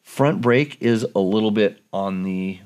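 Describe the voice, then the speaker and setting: A man with a somewhat low voice chats casually about motorcycles. He gets into the technical details and often restarts his sentences as he thinks them through. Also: unhurried, darkish tone. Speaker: dirt bike reviewer. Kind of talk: casual chat.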